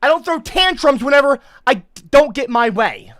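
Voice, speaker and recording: A man live-streaming in an angry, profane rant, swinging into yelled insults. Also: very high voice, lively intonation, normal speed, hardly any pauses. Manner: profane, volatile, yelling insults.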